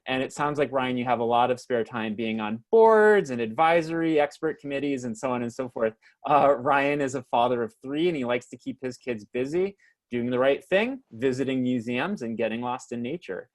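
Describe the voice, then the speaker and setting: A man's voice: medium pitch, lively intonation, moderate pace. A man hosting and moderating a webinar over a video call, introducing guests with many fillers and stumbles.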